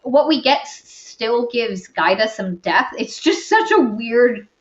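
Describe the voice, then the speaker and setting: A woman's voice: on the high side, animated, a little slow. A woman co-hosting a podcast, casually retelling a book's plot in a rambling way, full of fillers and asides. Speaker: podcast co-host. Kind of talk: casual book-review chat. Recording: roomy dull lo-fi recording.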